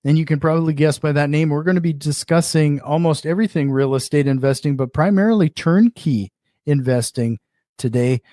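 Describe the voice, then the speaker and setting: A man's voice: on the high side, brisk, dark tone, no room sound, clean studio sound. A man hosting an interview, introducing his guest and asking brief, friendly questions. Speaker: podcast host.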